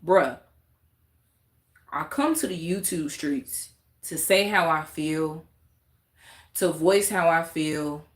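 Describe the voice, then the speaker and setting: A woman's voice: sits low, lively intonation, takes it slowly, long pauses, roomy sound. A woman, ranting emphatically in a candid vlog and repeating her points. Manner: emphatic and repetitive, talks with her hands. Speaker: YouTube vlogger. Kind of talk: candid vlog rant to camera.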